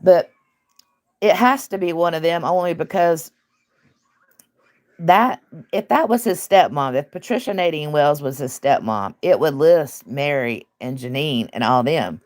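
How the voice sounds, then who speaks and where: A woman's voice: deep voice, lively intonation, unhurried, darkish tone. A woman who hosts casual online commentary, talking bluntly and emphatically with laughs.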